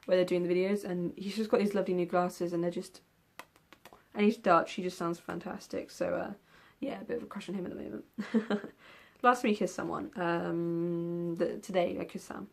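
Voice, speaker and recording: A young woman with a lowish, gravelly voice chats casually in a book vlog tag video, keeping a steady tone at normal speed. As a book vlogger, she rambles, filling her talk with lots of ums and the odd yawn.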